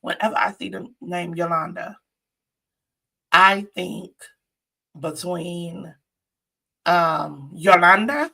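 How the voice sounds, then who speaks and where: A woman's voice: lowish voice, creaky, bright, forceful tone. A woman giving a chatty, sassy live-stream recap of a reality show, talking straight to her viewers.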